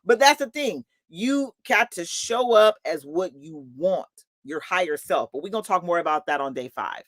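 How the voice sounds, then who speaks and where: A woman's voice: lowish voice, expressive, moderate pace, dry recording. A woman hosting a motivational live talk who laughs often and calls her listeners honey and y'all. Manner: laughs often between points. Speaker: host and motivational coach.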